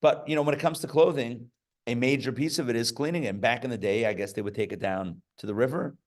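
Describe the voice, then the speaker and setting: A man's voice: medium pitch, fast. A rabbi teaches a live class in a loose, conversational way. He wanders into stories and joking asides and often stops to restart a sentence. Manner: chatty, joking asides, many fillers and restarts. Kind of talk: casual Torah class with stories. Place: live class before an audience.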